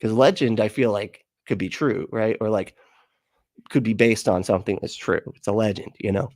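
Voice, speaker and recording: Laid-back swearing man, low voice. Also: moderate pace, darkish tone, no echo, clean studio sound. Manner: rambling, laughs often, swears casually. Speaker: livestream host reading chat. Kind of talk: casual livestream chat.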